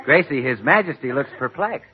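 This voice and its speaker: A man's voice: medium pitch, animated, brisk, husky. A man as the announcer in a 1940s radio comedy, jovial and teasing, slipping into a scripted soap ad. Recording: muffled 1940s radio broadcast.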